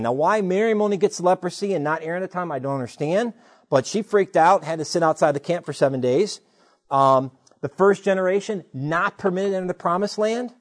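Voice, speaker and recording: A man preaching a sermon in a conversational, animated way, retelling stories and asking rhetorical questions. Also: on the high side. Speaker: pastor.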